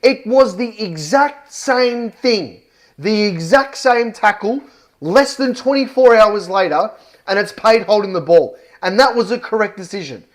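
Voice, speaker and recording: Australian male fan vlogger, high-pitched, fired up, swears, emphatic ranting review. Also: lively intonation, a little slow. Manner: worked up, swears often, punchy and emphatic. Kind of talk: heated match review rant.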